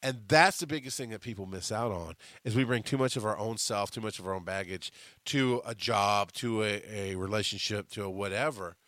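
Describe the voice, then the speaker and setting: Bright-voiced, profane podcast man. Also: on the low side, fairly quick, no echo, studio quality. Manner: profane, animated storytelling with frequent restarts. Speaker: podcast host. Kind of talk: casual monologue.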